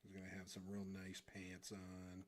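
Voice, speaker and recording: A man's voice: sits low, monotone, moderate pace, a little hiss or hum. A man streaming while he draws, goofing around and humming to himself into a desk microphone. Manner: goofy, rambling, hums while drawing. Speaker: streamer and artist. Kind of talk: casual live drawing stream.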